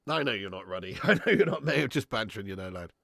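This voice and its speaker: A man's voice: on the low side, animated, fast, creaky, fairly bright tone, no room sound, studio quality. A man hosting a casual live watch-along stream, bantering with chat, reading out super chats and swearing freely.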